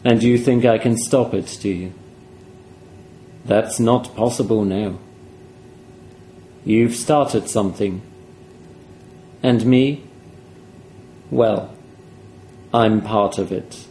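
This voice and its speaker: A man voicing a calm, sad dead man who speaks quietly and with measured menace. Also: on the low side, reverberant, slight background noise, rough recording. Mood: quietly ominous.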